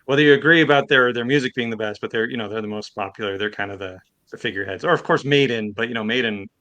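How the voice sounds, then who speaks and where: Male chatter, bright tone, loose rambling delivery. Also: mid-range voice, fast. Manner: rambling, many fillers and restarts, laughs easily. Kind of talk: casual chat.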